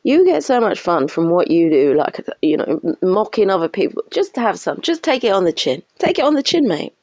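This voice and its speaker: A woman's voice: fairly low pitch, big pitch swings, normal speed, a little mellow, no echo, muffled recording. A woman commentating on online drama in a ranting, sarcastic, exasperated way.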